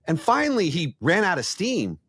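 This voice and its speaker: A middle-aged man, an executive coach, telling blunt, animated stories in a podcast conversation and acting out the quotes. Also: sits high, normal speed, breathy edge, dry recording.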